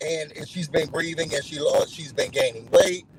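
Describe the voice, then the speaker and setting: In a rough recording, a man with a slightly high voice goes over a reality show for his channel at a moderate pace. He keeps it casual yet animated, acting out what people said in assorted voices.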